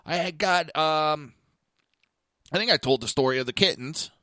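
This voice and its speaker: A man's voice: fairly high pitch, normal speed, bright, forceful tone, no room sound, studio quality. A man hosting a podcast, telling a blunt, profane story in a casual monologue. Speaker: podcast host. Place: lives in Florida.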